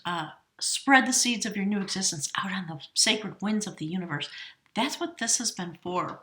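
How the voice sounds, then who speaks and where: A woman's voice: a little high, bright, forceful tone, roomy sound. A woman giving a tarot reading, emotional and effusive, dropping into whispered exclamations. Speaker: tarot reader.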